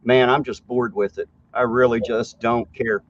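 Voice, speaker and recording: A man's voice: medium pitch, little pitch movement, moderate pace, lo-fi sound. A man with a slight southern Ohio drawl hosting a casual live-stream chat, blunt and joking, often laughing. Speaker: host.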